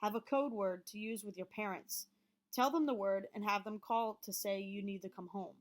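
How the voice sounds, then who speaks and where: A woman's voice: medium pitch, fairly even intonation, normal speed. A woman teacher reading over a health lesson and explaining it to her students in a chatty way, checking in often with "okay?". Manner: chatty, checks in with frequent okays.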